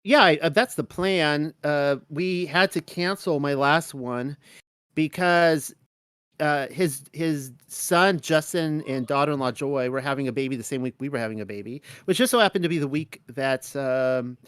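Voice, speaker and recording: A man's voice: fairly high pitch, moderate pace, a bit bright, clear, resonant tone, dry recording. Rambling man teaching a dry Bible study. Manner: rambling, with many restarts and fillers. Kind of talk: casual spoken Bible study talk.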